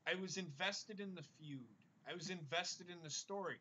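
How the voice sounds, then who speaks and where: A man's voice: sits high, normal speed, pushed and bright, dull audio, slight background noise. A man hosting a casual podcast, talking bluntly and rambling with the odd curse word. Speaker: podcast host. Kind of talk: casual wrestling podcast chat.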